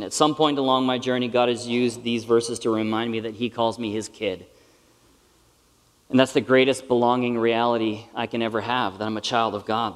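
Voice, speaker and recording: A middle-aged man preaching a sermon to a live audience, in a conversational, earnest and self-deprecating way. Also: mid-range voice. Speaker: pastor. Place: large hall with live audience. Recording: reverberant hall.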